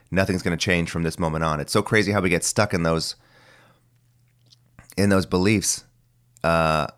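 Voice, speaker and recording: A man's voice: deep voice, fairly bright tone. A man in his forties with a phlegmy voice that cracks now and then, musing aloud in a rambling, casual solo monologue. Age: 40s. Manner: rambling, musing, mildly profane. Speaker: podcast host.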